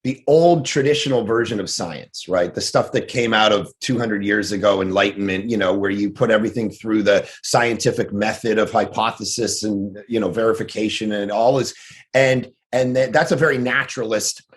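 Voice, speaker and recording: Appearing as a podcast guest, a pastor and author speaks casually in a lowish voice. He tells animated stories, slipping in quick asides and often restarting his sentences.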